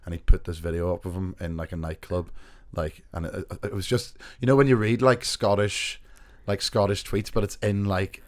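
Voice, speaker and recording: A man's voice: low voice, steady tone, normal speed, few pauses. A man hosting a podcast in casual banter, chatty and teasing, often laughing. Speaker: podcast host.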